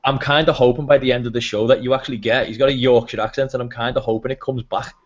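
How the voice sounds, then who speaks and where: A man's voice: medium pitch, fairly even intonation, fast. A man hosting a casual podcast, chatty and rambling with plenty of fillers. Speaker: podcast host. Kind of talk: casual chat. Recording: dull lo-fi web broadcast audio.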